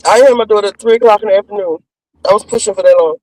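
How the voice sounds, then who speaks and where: A woman's voice: mid-range voice, very fast, darkish tone, dry recording, rough recording. A woman in casual chat, talking bluntly and with swearing about giving birth. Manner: blunt, profane, laid-back talk. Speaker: mother in a friends' chat.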